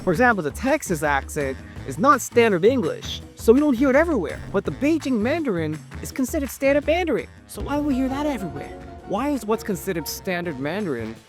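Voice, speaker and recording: Lively, playful explainer narrator. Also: medium pitch, fast, soft background music. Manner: playful, jokey, expressive. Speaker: language teacher and narrator.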